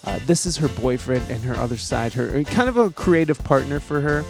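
A man hosting a podcast, casual and jokey, with loud laughs. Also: medium pitch, fairly quick, gravelly, over music. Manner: animated, jokey, laughs loudly. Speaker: podcast host.

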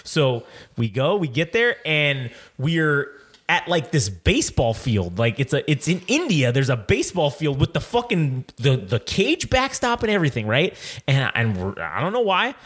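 A man's voice: medium pitch, very animated, moderate pace, fairly bright tone, husky. A man co-hosting a podcast, rambling and swearing as he retells a wild dream to his friends in casual chat. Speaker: podcast co-host. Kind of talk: casual storytelling among friends.

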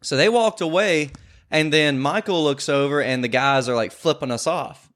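A young man in casual chat with friends, telling a night-out story and acting out the quotes loudly, laughing often. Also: fairly high pitch, moderate pace.

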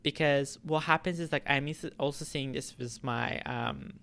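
A man vlogging straight to his audience, his voice smooth and clear at a middling pitch. He rambles in a relaxed way, circling back with fillers and restarted phrases as he thinks aloud. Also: moderate pace. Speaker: YouTuber. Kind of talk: casual vlog talk to camera.

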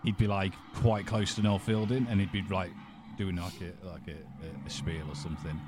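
A man's voice: deep voice, little pitch movement, moderate pace, background noise. A man, a podcast co-host, chatting in a laid-back way and chuckling often. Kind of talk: casual chat.

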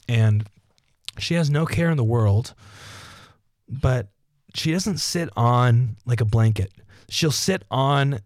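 A man's voice: mid-range voice, darkish tone, dry recording, clean studio sound. A young man hosting a solo podcast from home, rambling, joking and losing his thread. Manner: self-mocking. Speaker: podcast host. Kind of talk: solo casual podcast monologue. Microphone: desk microphone.

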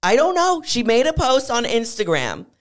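A woman's voice: on the high side, sing-song, normal speed. A young adult woman co-hosting a podcast, chatting casually and animatedly with lots of filler words. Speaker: podcast co-host. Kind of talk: casual chat.

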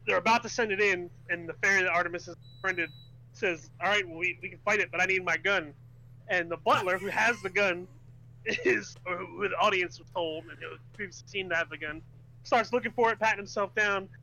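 A man's voice: high voice, vocal fry, bright, forceful tone, rough recording. A man co-hosting a podcast, criticizing a film with sardonic, dry jokes. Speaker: podcast co-host. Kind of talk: casual chat about a film.

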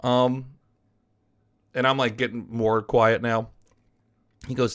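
Slow and flat, with frequent pauses, this medium-pitched, slightly bright American voice belongs to a podcast host and esports caster. He rambles frankly through a personal story, swearing casually along the way.

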